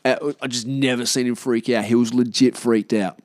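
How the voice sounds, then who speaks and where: A man's voice: mid-range voice, fairly even intonation, normal speed, darkish tone, no room sound, clean studio sound. A man with an Australian accent telling a rambling, casual story, laid-back and full of swearing.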